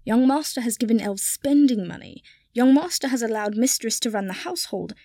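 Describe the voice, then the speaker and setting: A dour old male house-elf servant, prim and easily panicked, frets in a fairly high voice, as a woman reads him aloud. The storybook telling is dry and close, with no room around it. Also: lively intonation, brisk, warm tone, dry recording. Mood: fretful. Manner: prim, fretful, rising to panicked wails.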